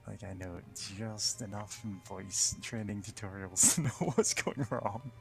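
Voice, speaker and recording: Creaky low-voiced man chatting casually. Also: a little slow, faint music behind. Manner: self-deprecating, chuckling. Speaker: let's play participant. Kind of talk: casual chat.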